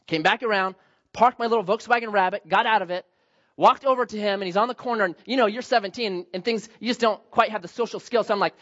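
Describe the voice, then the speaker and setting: A man in his forties preaching a sermon, telling a personal story and acting out his younger self in lively bursts. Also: fast talker, lo-fi sound. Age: 40s. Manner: animated, acts out his younger self with high excited outbursts. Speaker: pastor.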